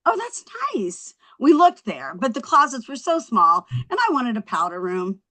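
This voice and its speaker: An actress at a table read playing a tipsy young woman who rambles through stand-up after her husband left, full of quick self-mocking asides. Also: a little high, sing-song, pushed and bright. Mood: rambling. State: a little drunk.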